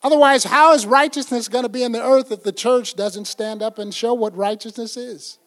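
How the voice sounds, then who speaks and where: High-voiced older male preacher. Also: fairly even intonation, moderate pace, fairly bright tone. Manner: folksy, conversational preaching with quoted asides. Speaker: pastor. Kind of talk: sermon.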